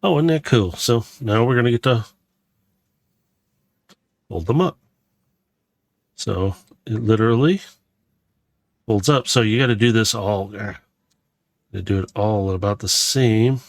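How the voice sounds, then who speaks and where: This Missouri vlogger's voice is on the low side and gravelly, a little slow, with long pauses, captured in a dry recording. He chats and rambles through casual running commentary on his Lego build, often using fillers and correcting himself.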